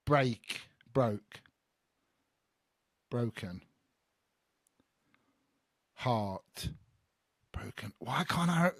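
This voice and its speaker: A man's voice: medium pitch, dry recording, studio quality. A man hosting a podcast, guessing words in a party game, laughing and thinking aloud. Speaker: podcast host. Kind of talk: playing a guessing game with guests.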